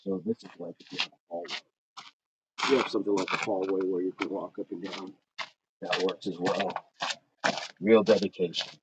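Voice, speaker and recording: A man hosts a fitness livestream, walking in place and moving while he chats with viewers in an upbeat, encouraging way and greets them by name. His voice is low and level, at a normal speed with frequent pauses, and the livestream audio is noisy.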